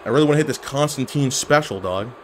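A man giving casual, animated commentary while playing an online wrestling game, yelling at his opponent and cracking jokes. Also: mid-range voice, fast, a little hiss or hum. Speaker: gaming YouTuber.

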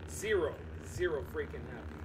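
A man hosting a live game stream who talks straight to his chat. He rants in an animated, exclaiming way, and his pitch swings widely up and down. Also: moderate pace, noisy background.

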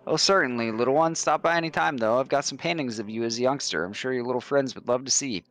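A man's voice: mid-range voice, quick pace, a bit bright, close to an everyday voice. A man voicing a teasing old keep resident who chuckles through folksy stories.

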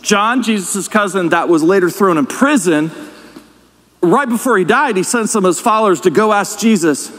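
Brief: male pastor, high voice, chatty sermon style in a reverberant church hall. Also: moderate pace, a bit bright. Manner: conversational preaching with asides and questions to the congregation. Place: church sanctuary.

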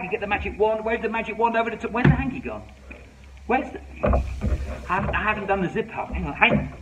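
A man performing a comic magic show for children, playful and bumbling, talking straight to young viewers. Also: high voice. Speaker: children's entertainer. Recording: slightly distant with faint background noise.

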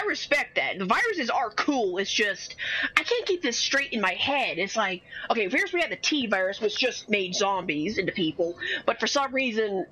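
A young woman talks over her gameplay in a loose, rambling way and swears freely. Her voice sits at an ordinary pitch but sounds bright and sharp. A faint hiss of background noise sits under the recording. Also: rough recording. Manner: rambling, swears often, swings from chatty to exasperated outbursts. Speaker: gaming streamer. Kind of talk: casual gameplay commentary.

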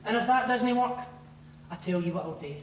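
A young Scottish man in a comedy sketch, telling a sweary, animated story. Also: high voice, a little fast. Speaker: sacked hairdresser. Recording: roomy, distant, loud noise.

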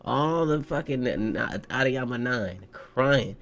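A young man hosting a casual manga reaction, excitable, slangy and profane as he riffs to his viewers. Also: mid-range voice, slow pace, creaky. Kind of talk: casual live reaction commentary.

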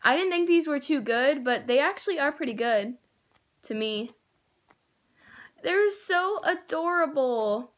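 A teenage girl casually unboxing squishy toys, gushing and excitable, rambling with many fillers. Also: high voice, measured pace, long pauses. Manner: gushing and excitable, with gasps and squeals; rambling, with many likes and self-corrections. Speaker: squishy toy haul vlogger.

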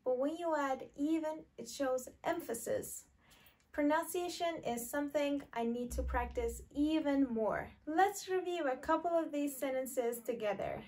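Sitting high in pitch but carrying a darkish tone, a woman leads an online English class. She models sentences at a slow, clear pace for repetition.

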